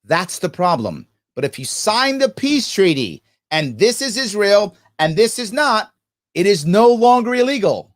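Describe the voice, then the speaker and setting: Animated man hosting a live-stream. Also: sits high, measured pace. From United States. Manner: animated, emphatic, acts out quoted voices. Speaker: host. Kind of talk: live-stream commentary reading viewer comments.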